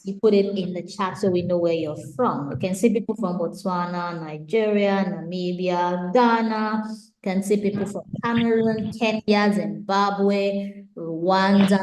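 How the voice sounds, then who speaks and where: A woman's voice: medium pitch, warm tone, reverberant, rough recording. A woman hosting an online webinar, politely directing participants and answering questions over a video call. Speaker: webinar host.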